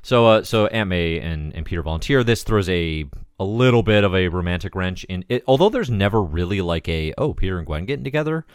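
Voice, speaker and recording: A man's voice: deep voice, animated, a little fast, hardly any pauses, smooth, dry recording, clean studio sound. A man co-hosting a casual podcast, recapping comic plots in a rambling, hesitant way with many fillers. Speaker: podcast co-host. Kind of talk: casual comic-book discussion.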